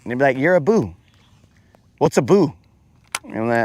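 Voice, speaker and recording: A man hosting a fishing livestream, chatting casually and animatedly with viewers in slang and acting out quoted voices. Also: normal speed. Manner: animated storyteller, slangy, acts out quotes in a higher voice.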